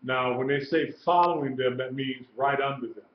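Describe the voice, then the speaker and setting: A man teaching a live-streamed lesson, explaining slowly and repeating key points. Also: mid-range voice, a little hiss or hum. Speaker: Hebrew teacher. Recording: echoey room, dull lo-fi sound.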